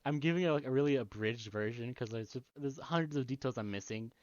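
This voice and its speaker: A man's voice: medium pitch, fast, a little mellow. A man co-hosting a casual podcast, rambling through a video game's story with plenty of swearing and laughter. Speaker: podcast co-host. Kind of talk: casual chat, retelling a video game story. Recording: dull lo-fi podcast mic.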